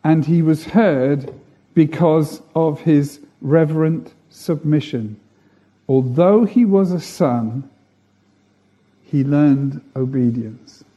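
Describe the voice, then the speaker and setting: A man's voice: fairly high pitch, slow pace, mellow. A man preaching a sermon, earnest, building emphasis through repeated phrases.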